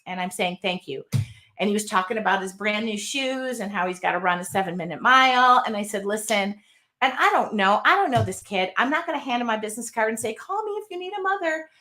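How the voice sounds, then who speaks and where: A woman's voice: medium pitch, pushed and bright. A woman in her fifties hosting a casual chat, telling a rambling, heartfelt story. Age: 50s. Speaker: host.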